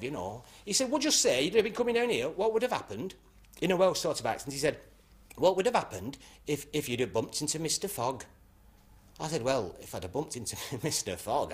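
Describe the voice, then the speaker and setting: An actor playing a brash club comedian, telling rambling anecdotes that end in punchlines. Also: male voice, medium pitch, lightly acted. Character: brash northern male club comic. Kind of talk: stand-up routine.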